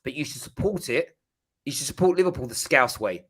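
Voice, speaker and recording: A man's voice: mid-range voice, husky. A young English man, a guest on a podcast, chatting casually and with energy, often restarting his sentences. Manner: animated, quick-talking, lots of restarts. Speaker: podcast guest, rival club fan. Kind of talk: casual chat.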